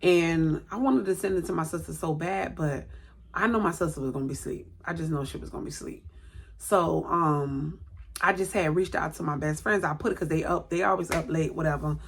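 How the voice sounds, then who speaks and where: A woman with a low, gravelly voice talks straight to her viewers in a loose, rambling way. She keeps stopping to correct herself as she tells a personal story. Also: brisk. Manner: chatty, rambling, self-correcting. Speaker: vlogger. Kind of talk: casual storytelling to camera.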